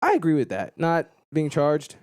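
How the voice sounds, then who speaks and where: A man's voice: a little high, moderate pace, clean tone. A man co-hosting a podcast, chatting casually and reading news aloud with a joking, laughing manner. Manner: joking, animated, laughs often. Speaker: podcast co-host.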